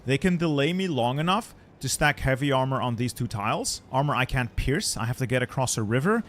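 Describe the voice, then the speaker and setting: A man's voice: medium pitch, expressive, fairly quick, slight background noise. A man commentating his strategy game play, exasperated and swearing as he rants about losing. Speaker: gaming channel host.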